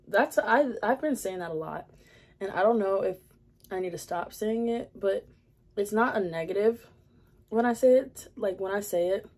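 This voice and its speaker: A woman's voice: fairly low pitch, a little mellow. A young woman vlogging at her makeup area at home, chatting candidly with lots of fillers. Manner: rambling, many fillers, candid. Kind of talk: casual confessional chat.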